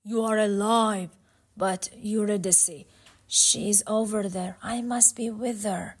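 An earnest young musician from a storybook, read by a woman in her own voice. He speaks slowly and sincerely, pleading but steady. His devotion comes through in every line. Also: mid-range voice, slightly rough.

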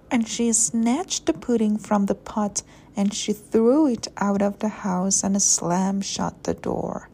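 A woman's voice: medium pitch, vocal fry, mellow, slightly rough. A woman reading a children's story aloud expressively, with playful sound words.

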